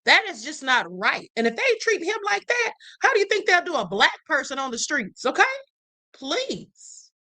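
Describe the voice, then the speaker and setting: A woman's voice: sits high, very animated, normal speed, pushed and bright. A woman hosting a livestream, giving outspoken casual commentary on clips and reading viewer comments aloud. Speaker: livestream host.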